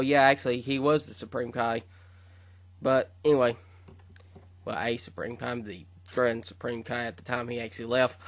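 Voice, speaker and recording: A man rambles through a fan story he wrote, stopping to correct himself and fill the gaps with um and uh. His voice is bright and forward. The sound is dry, with no room around it. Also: medium pitch, dry recording. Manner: rambling, with fillers and self-corrections. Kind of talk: casual retelling of a fan fiction story.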